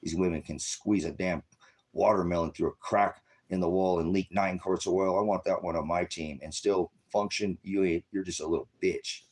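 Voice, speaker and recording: A middle-aged man delivering an angry, profane monologue as an online streamer, with sudden shouting bursts. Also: low-pitched, steady tone, normal speed, slightly rough.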